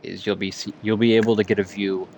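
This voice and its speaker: A man's voice: fairly low pitch, flat delivery, quick pace, a little mellow, dull audio, slight background noise. A man streaming while gaming, chatting in a rambling way and slightly slurring his words. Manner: rambling, full of "like" fillers. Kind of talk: casual live-stream chat while gaming.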